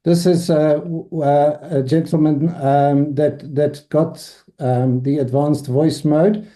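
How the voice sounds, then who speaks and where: A man runs a business webinar in an informal, unscripted way, talking through what he shows on screen. His voice sits a little high for a man but sounds very dark and mellow. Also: steady tone, takes it slowly. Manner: loose, unscripted delivery that walks through screens on the fly. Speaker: host of a weekly AI business meetup.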